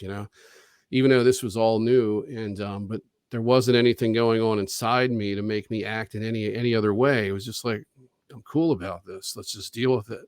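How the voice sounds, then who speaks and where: A man's voice: lowish voice, clean tone, dry recording, clean studio sound. A man on a video call, telling a long story in a rambling, casual way, with restarts, swearing and acted-out quotes. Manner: rambling, profane, with frequent restarts and quoted dialogue. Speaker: interview guest.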